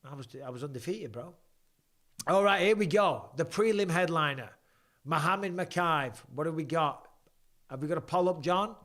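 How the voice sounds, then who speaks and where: A man's voice: fairly high pitch, lively intonation, moderate pace, fairly bright tone. A man, chatting bluntly and swearing as he reads viewer questions on a live stream. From England. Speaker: livestream host watching fights.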